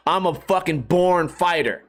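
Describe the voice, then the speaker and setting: A man's voice: a little high, a little slow, natural voice. A man voicing a cocky male fighting rooster who trash-talks and swaggers, in a comedic podcast bit. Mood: boastful.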